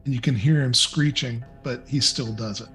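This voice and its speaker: A man narrating a tabletop game as dungeon master, in a relaxed, descriptive way with frequent fillers. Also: mid-range voice, normal speed, soft background music.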